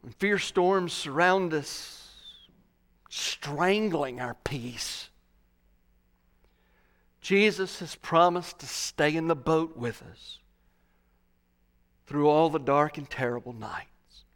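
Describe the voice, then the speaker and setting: A man preaching a sermon, slow and dramatic, swelling loud and then dropping to a hush. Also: on the high side.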